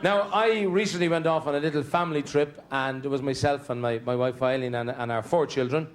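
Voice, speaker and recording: A middle-aged man with a Dublin accent telling comic stories on stage in a chatty, deadpan way. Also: medium pitch, a little fast. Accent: Dublin Irish. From Dublin, Ireland. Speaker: stand-up comedian. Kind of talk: stand-up comedy storytelling.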